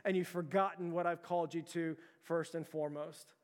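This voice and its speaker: A pastor preaches with earnest urgency, stumbling over restarts and calling the congregation "church." His voice sits high yet moves little in pitch. A long hall reverb trails every phrase. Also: fairly even intonation, a little fast, hardly any pauses. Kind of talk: sermon.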